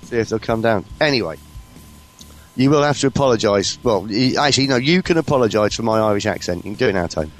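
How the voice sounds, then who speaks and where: A man from the UK co-hosting a comedy podcast, his voice swooping over a wide, lively range. He rambles along in a cheeky, casual banter, with faint music in the background. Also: lowish voice, quick pace. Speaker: podcast co-host.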